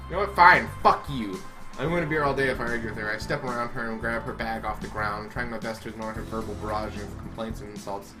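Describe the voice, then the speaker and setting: A man's voice: on the low side, little pitch movement, fast talker, hardly any pauses, over music. A man reading a visual novel aloud, dramatic and full of sarcastic asides. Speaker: game reader.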